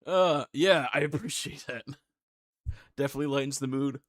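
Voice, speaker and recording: A relaxed male streamer talks casually between clips in a dry, close sound with no room around it. His voice sits at an ordinary middle pitch, and he chuckles easily while thanking his viewers. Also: moderate pace, no room sound. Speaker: streamer reacting to videos. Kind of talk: casual live-stream chat.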